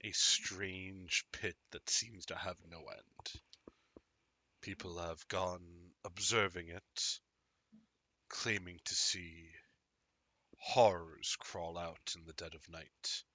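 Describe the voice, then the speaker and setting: A man's voice: sits low, fairly even intonation, slow pace, bright, forceful tone, no room sound, full character voice. A man voicing a weary, loyal knight who speaks earnestly and solemnly. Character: Albus, weary loyal male knight NPC.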